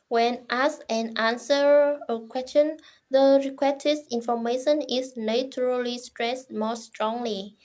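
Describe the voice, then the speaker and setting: Young woman, high voice, reads her class presentation slow and careful in little chunks. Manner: reads in short halting chunks, careful and formal. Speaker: student presenter.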